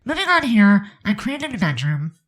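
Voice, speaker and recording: A woman's voice: mid-range voice, very animated, normal speed, fairly bright tone, rough recording. A woman with a stuffed-up, congested voice giving a chatty, rambling voice-over commentary on a game build. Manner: chatty, rambling, many fillers.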